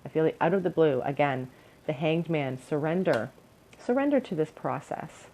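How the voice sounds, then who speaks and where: A woman's voice: deep voice, expressive, normal speed, mellow, slight background noise, poor audio. A young woman giving an encouraging, earnest pick-a-card tarot reading to her viewers. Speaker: tarot reader.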